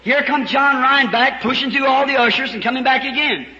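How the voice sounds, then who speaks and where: A man preaching a storytelling sermon before a congregation, fervent, breaking into shouts and chuckles. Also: very high-pitched, fairly quick, highs cut off. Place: large church hall before a congregation. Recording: echoey hall, faint background noise.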